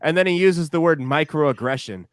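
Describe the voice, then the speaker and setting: A man's voice: on the high side, normal speed, clean tone, no room sound, studio quality. A man co-hosting a podcast, telling laid-back stories in casual chat, swearing freely and laughing often.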